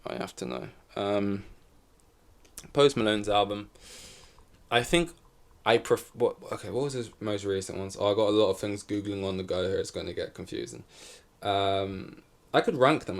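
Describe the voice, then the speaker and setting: Male podcast host, solo, loose and chatty, trips over himself, sits a bit low. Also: steady tone, normal speed, gravelly. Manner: rambling, self-correcting, swears casually. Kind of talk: casual solo chat. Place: in front of a camera.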